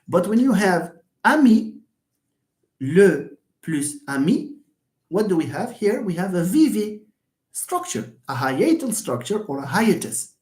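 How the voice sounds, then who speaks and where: A male lecturer walks through an idea, asking himself questions and answering them at once. His pitch rises and falls in a lively way, and words often repeat while he thinks aloud. The voice rings in a roomy, echoey space. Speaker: university lecturer. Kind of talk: live lecture. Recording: roomy echo.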